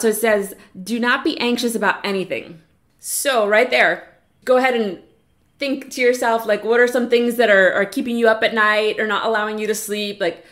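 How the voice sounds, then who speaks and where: A woman preaching a chapel message, earnest and encouraging, slowing down to read scripture aloud. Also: fairly high pitch. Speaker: chapel speaker. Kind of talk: sermon.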